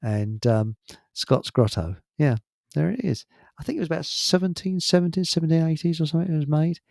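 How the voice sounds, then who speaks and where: Gravelly man with a Hertfordshire accent. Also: a little high, lively intonation, fairly quick, darkish tone, dry recording, studio quality. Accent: Hertfordshire English. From England. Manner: rambling, chuckling, trails off mid-sentence. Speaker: host. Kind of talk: casual chat.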